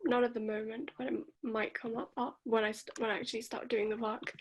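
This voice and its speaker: Hesitant woman with a higher husky voice. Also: flat delivery, brisk, rough recording. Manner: hesitant, thoughtful, many fillers. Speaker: coaching client. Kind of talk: one-to-one coaching session.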